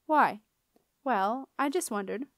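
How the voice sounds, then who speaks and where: A woman's voice: a little high, lively intonation, takes it slowly, dry recording, studio quality. A woman as a curt, tired young woman. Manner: polite but curt.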